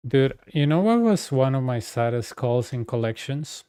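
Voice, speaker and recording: A man's voice: mid-range voice, big pitch swings, normal speed, warm tone, smooth, no echo, studio quality. A young man streaming a game, chatting casually and telling stories in a loose, conversational way. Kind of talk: casual chat while playing a game.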